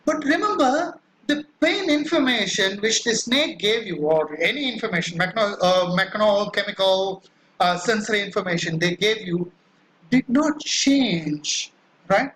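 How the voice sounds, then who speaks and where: High, bright-voiced male lecturer. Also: normal speed, rough recording. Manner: explanatory, frequent "right?" check-ins and "uh" fillers; acts out quoted cries. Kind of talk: classroom lecture.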